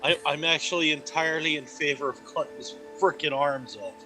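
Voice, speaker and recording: A man's voice: a little high, steady tone, brisk, pushed and bright, faint music behind, low-quality recording. A man playing a tabletop game, joking wryly with the table. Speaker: player.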